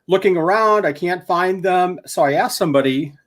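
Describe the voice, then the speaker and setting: A man's voice: high voice, normal speed. A man chatting casually on a livestream, rambling through his food list and a story with plenty of fillers, filming himself handheld. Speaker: guest isopod keeper. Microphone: handheld camera.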